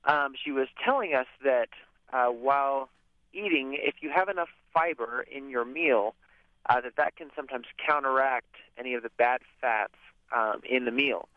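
A man's voice: mid-range voice, moderate pace, dry recording. A man calling in to a radio show, telling a rambling story with a hesitant manner. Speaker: caller. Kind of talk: phone-in question. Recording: tinny phone line.

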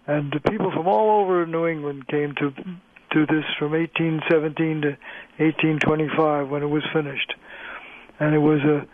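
A man's voice: fairly high pitch, no room sound. A man who is a linguistics professor, patiently explaining as a guest on a radio interview. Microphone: phone line. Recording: tinny phone line, dry.

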